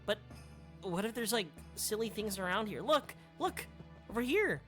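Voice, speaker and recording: Reading out game dialogue in a casual let's play, the streamer rambles, restarts with stammers, uses crude slang and laughs a lot. The mid-range voice is animated and fairly bright at a normal pace, with soft music in the background.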